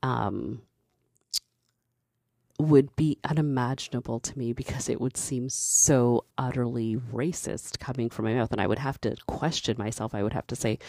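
A woman's voice: extremely low pitch, moderate pace, vocal fry, dark tone, no room sound, studio quality. A woman giving casual opinion commentary, candid and passionate, building to emphatic points.

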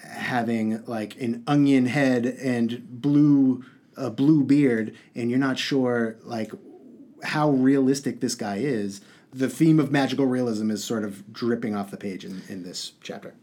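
A man reads a novel aloud to his class and then talks it over, casual and upbeat. His asides are playful, and he uses everyday fillers as he thinks out loud. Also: medium pitch. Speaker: teacher. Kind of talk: reading aloud and book discussion.

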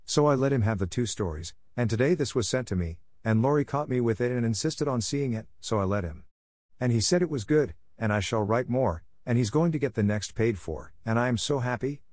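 A man reading aloud and voicing a bold, tomboyish teenage girl who pours out her news in an excited rush. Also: medium pitch, no room sound, lightly acted. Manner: excited, breathless rush of words. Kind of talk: audiobook role reading.

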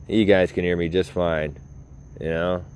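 Deep-voiced man rambling on his podcast. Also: level tone, measured pace, darkish tone, clear, resonant tone, dry recording. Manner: self-mocking, laughing at his own jokes. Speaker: podcast host. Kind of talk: rambling casual monologue. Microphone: phone.

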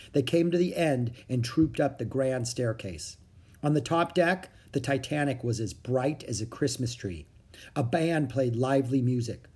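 A man reading a children's chapter book aloud, with expressive, dramatic storytelling. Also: mid-range voice, husky. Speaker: narrator.

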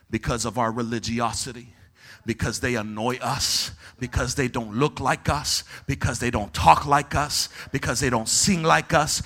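A man pastor preaching an impassioned sermon at a church service and shouting to the congregation for a response. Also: medium pitch.

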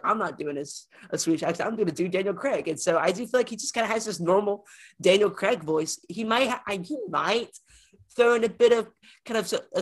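A man's voice: high-pitched, a bit bright. A man co-hosting a film podcast, chatting casually and rambling as he repeats words while he thinks. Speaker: podcast co-host. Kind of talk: casual film review chat.

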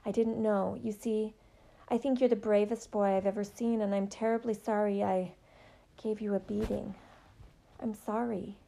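A woman's voice: medium pitch, level tone, moderate pace, vocal fry, dark tone, close to an everyday voice. A woman voicing a remorseful older boy who apologizes eagerly in a storybook reading. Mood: apologetic.

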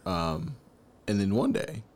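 Low-voiced man telling a story casually. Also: slow pace, a little hiss or hum. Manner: animated storyteller, voice jumps up high when acting out his younger self. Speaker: podcast co-host.

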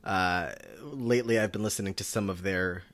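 A man co-hosting a podcast recaps a game show in casual chat, rambling with plenty of fillers and restarts and struggling to pronounce names. His voice sits low, moves at a moderate pace and is a bit bright.

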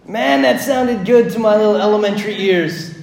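A man with a high voice preaches a sermon in an echoing church hall. He is dramatic, rising to loud emphasis, then dropping to near-hushed lines. He repeats key phrases slowly. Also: gravelly. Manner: slow emphatic repetition. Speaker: pastor. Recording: echoey room.

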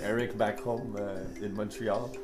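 A man's voice: on the low side, little pitch movement, measured pace, music in the background. A man chatting casually with his father and recalling family memories, laughing easily. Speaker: son and podcast host.

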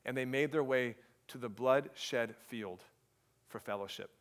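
A man in his thirties preaching a sermon as pastor, earnest and dropping to a hushed voice for emphasis. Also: medium pitch, unhurried.

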